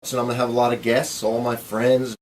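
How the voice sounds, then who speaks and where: A police officer talking casually to the camera in a boastful, contemptuous way. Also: male voice, medium pitch, little pitch movement, fairly quick. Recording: noisy recording.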